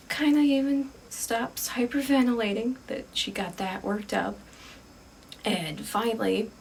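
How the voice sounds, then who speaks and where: A woman's voice: mid-range voice, creaky, far from the mic, slight background noise, rough recording. A woman telling an improvised ghost story in a casual, conversational way, full of fillers.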